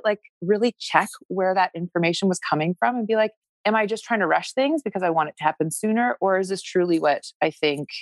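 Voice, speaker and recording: A woman's voice: medium pitch, no echo. A woman in her forties telling a personal story in a conversation, acting out her own past thoughts and the words of others. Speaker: guest sharing her fertility story.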